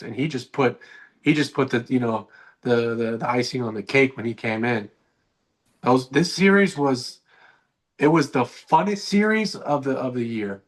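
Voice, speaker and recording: A young man co-hosting a casual sports podcast, rambling and often restarting his sentences. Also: medium pitch. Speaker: podcast co-host.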